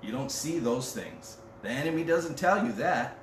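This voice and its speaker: A man's voice: mid-range voice, animated, normal speed. Male pastor, casual joking sermon, distant mic, noisy room ambience. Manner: casual, joking, reads scripture aloud. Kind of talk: conversational sermon. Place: church. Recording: roomy and distant with background noise.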